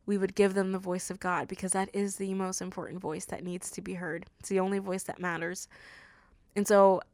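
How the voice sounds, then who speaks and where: A woman's voice: mid-range voice, flat delivery, fairly quick, darkish tone, no echo. A woman hosting a faith podcast, speaking in an earnest, tender and emotional way, often saying "like". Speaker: podcast host. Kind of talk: heartfelt faith podcast monologue.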